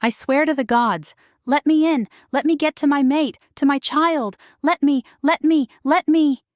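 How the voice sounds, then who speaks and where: A woman's voice: a little high, unhurried, no room sound, natural voice. Woman voicing a desperate werewolf alpha man. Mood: desperate shouting. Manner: pleading, breaking voice. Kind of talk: audiobook romance reading.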